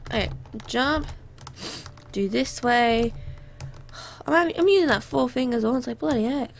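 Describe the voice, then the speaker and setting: A young woman chatting her way through a game, bubbly and easily sidetracked, with a voice that sits a bit high. She sounds slightly under the weather and keeps apologizing as she plays. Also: unhurried, creaky, a little hiss or hum. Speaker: gamer. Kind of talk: let's play commentary.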